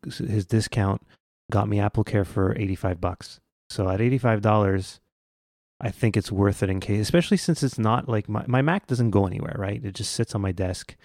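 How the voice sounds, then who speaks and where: Man, low gravelly voice, casual podcast chat, dry close mic. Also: a little mellow, no room sound. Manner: chatty, frequent ums and restarts. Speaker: podcast co-host.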